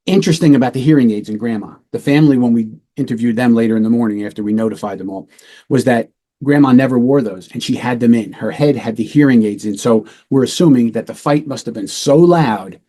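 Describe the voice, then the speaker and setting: A man's voice: medium pitch, fast talker, dark tone. A middle-aged man, a retired police lieutenant, telling a true-crime case in a casual, matter-of-fact way and acting out the voices of the people in it.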